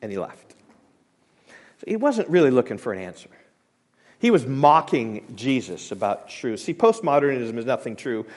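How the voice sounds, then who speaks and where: A man preaching a sermon as pastor, emphatic, rising loud on scripture and dropping quiet, often repeating and restarting his words. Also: mid-range voice, big pitch swings, moderate pace.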